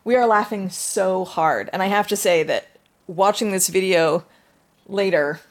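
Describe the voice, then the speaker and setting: An adult woman telling stories in a casual group discussion, with lively asides. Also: medium pitch, measured pace. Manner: chatty storytelling, lively asides. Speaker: discussion participant.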